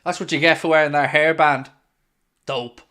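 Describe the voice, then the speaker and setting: Excitable Irish man reacting to football. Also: a little high, moderate pace. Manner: excitable, jumps into play-by-play shouts. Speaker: watchalong host. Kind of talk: live match reaction commentary.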